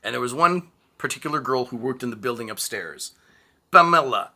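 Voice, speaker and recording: A man co-hosting a podcast, telling a story in casual chat, animated and swearing freely. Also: medium pitch, a little fast. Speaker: podcast co-host.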